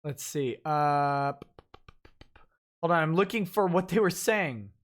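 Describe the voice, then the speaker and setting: A woman's voice: low-pitched, expressive, takes it slowly. A woman hosting a livestream, giving sarcastic, ranting commentary while reading text aloud with asides. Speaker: host.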